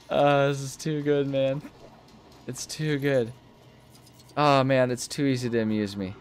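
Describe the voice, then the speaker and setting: A man's voice: big pitch swings, slow, long pauses, clear, resonant tone. Giggly rambling young man playing games. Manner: rambling, giggly, easily amused, breaks into high laughter. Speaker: gaming video host. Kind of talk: casual let's-play commentary.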